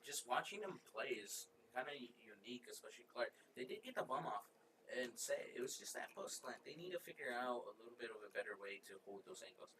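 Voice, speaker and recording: A man's voice: mid-range voice, sharp tone, recorded from a distance, low-quality recording. Male esports analyst, tactical color commentary, set back from the mic, faint hiss. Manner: explains tactics, repeats himself.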